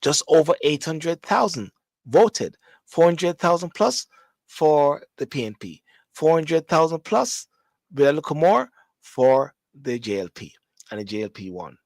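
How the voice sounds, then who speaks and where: A man's voice: on the high side, big pitch swings, measured pace, vocal fry, a little mellow, no room sound. A man who grew up in Jamaica, with a Jamaican accent, hosting a show with a casual, rambling monologue full of restarts and repetition. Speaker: host. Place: London.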